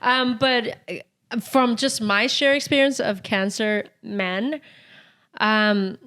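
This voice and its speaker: A woman's voice: on the high side, slow pace, a bit bright, clean tone. Giggly young woman co-hosting a podcast. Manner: giggly, teasing, frequent laughter. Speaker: podcast co-host. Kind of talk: casual chat.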